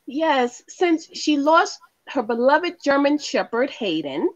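A woman's voice: high-pitched, sing-song, takes it slowly, highs cut off, a little hiss or hum. A woman co-hosting a pop culture podcast who chats casually, agrees readily, and laughs along with her partner. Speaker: podcast co-host. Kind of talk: casual chat.

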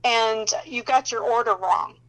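High-voiced woman sharing a faith story. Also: a little slow, low-quality recording. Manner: animated storyteller who laughs often and acts out dialogue. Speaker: Christian counselor sharing her testimony. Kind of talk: casual faith testimony storytelling.

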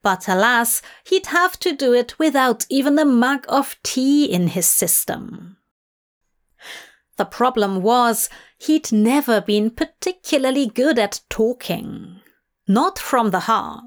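A woman reads a fan fiction story aloud in a soft, measured way. Her voice sits on the higher side and moves at an unhurried, leisurely pace. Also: lively intonation. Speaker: reader. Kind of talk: fan fiction audiobook narration.

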